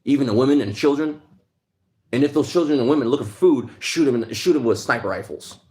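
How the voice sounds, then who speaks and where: A man's voice: medium pitch, fast talker, a little mellow. Heated man ranting on a livestream. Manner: heated, ranting, reads chat. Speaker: livestream host. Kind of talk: casual livestream monologue.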